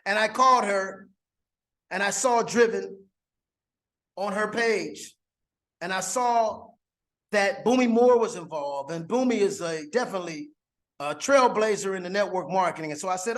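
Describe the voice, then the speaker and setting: A network marketing promoter giving an excited testimonial, repeating phrases over and over for emphasis. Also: mid-range voice, moderate pace. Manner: excited and repetitive, stacking phrases. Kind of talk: enthusiastic testimonial monologue. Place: abroad on a trip.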